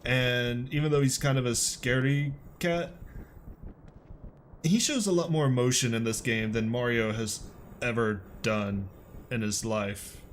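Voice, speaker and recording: A man's voice: medium pitch, measured pace, slight background noise. A man hosting a let's play, giving wry, joking, laid-back commentary on a game as he plays. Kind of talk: casual gameplay commentary.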